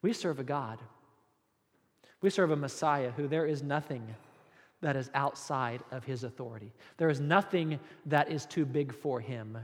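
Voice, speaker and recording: A male pastor preaching a sermon, telling the story in an animated way with playful asides and jokes. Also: medium pitch, normal speed. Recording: long hall reverb.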